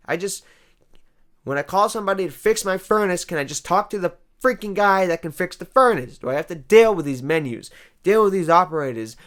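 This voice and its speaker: A man hosting a comedy vlog, ranting in a rambling, exasperated monologue that swings between loud outbursts and quiet asides. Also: a little high.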